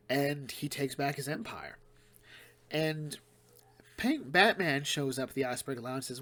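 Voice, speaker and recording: A man giving a casual solo comic book review, retelling plots quickly and rambling with fillers and restarts. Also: on the high side, fairly bright tone.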